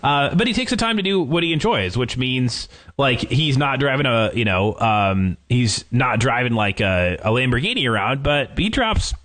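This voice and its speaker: A man's voice: mid-range voice, sing-song, normal speed, few pauses, a bit bright. A young man hosting a casual podcast, talking in a rambling way with lots of fillers. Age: young adult. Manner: rambling, many fillers and restarts. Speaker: podcast host.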